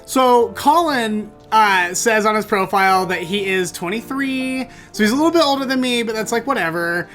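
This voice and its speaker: A man hosting a storytelling show, recounting a bad date in an animated, theatrical way that bursts into exclamations. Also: high-pitched, moderate pace, few pauses, soft background music. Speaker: storytelling podcast host. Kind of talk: comedic personal storytelling.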